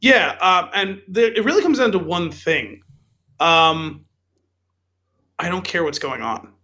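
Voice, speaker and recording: Bright-voiced man rambling on a podcast. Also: sits high, animated, takes it slowly, lo-fi sound. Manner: rambling, filler-heavy storytelling with frequent "like" and "um". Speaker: podcast co-host. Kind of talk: casual podcast chat.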